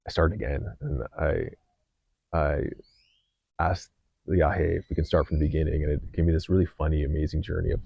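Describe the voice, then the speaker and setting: Guy with a real low gravelly voice, earnest podcast storytelling, kinda dull dry recording. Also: no echo. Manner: earnest, unhurried, with many fillers and restarts. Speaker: podcast host. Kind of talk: reflective personal storytelling. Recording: slightly dull dry sound.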